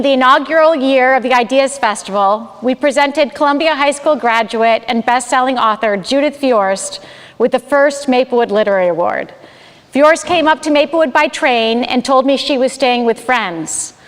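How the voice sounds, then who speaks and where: Woman library director, formal welcome, measured read, high voice, reverberant hall. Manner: reads prepared remarks, measured. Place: town hall event space. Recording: roomy hall with long reverb.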